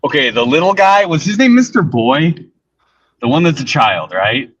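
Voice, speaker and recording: Excitable man chatting from his car. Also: on the high side, normal speed, husky, lo-fi sound. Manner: excitable, laughs a lot, swears casually. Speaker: streamer talking movies while driving. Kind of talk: casual chat.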